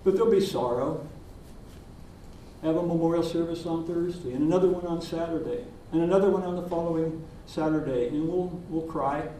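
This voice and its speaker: Older minister preaching in an echoey hall. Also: male voice, fairly high pitch, a little hiss or hum. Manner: gentle, reflective storytelling with pauses. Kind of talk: sermon. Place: church sanctuary. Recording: distant voice in an echoey sanctuary.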